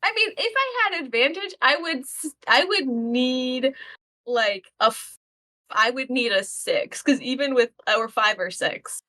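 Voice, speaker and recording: A woman's voice: high voice, lively intonation, measured pace, pushed and bright. A woman playing a tabletop game, chatty and hesitant. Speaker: player.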